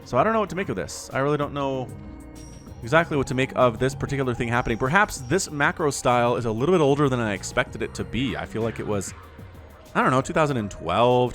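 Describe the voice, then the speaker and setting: In this casual replay commentary, a man casts a strategy game with a jokey, talkative style that keeps wandering off on tangents. His voice is mid-pitched with a touch of brightness.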